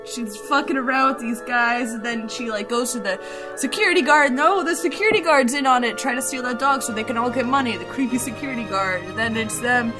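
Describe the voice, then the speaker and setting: A woman's voice: on the high side, brisk, over music. A young woman casually recapping a film as a podcast co-host, rambling, swearing and correcting herself. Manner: rambling, swearing, self-interrupting, giggly.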